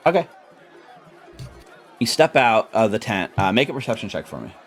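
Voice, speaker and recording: A man's voice: lowish voice, very animated, normal speed, a faint crowd, a little hiss or hum. A man narrating as game master, loose and chatty with lots of fillers.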